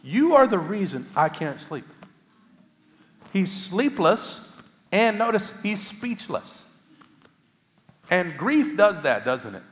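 Earnest pastor preaching in a reverberant hall. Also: male voice, sits high, a bit bright. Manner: earnest, conversational preaching with light humor. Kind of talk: sermon.

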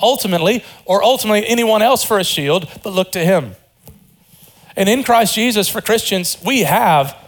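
A man delivers a sermon in a fairly high voice. He preaches earnestly, climbing to high emphatic peaks and sinking to low, quiet lines. Now and then he breaks off for a relaxed, joking aside. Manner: informal asides and jokes. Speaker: pastor.

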